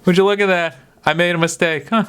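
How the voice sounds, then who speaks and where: A carefree old grandmother chirps along in a light, airy falsetto, put on by a man. She sounds innocent and unbothered, and her voice sits high and floating. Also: fairly even intonation, fast, fairly bright tone, clean tone. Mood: breezy. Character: unbothered elderly grandmother, breezy.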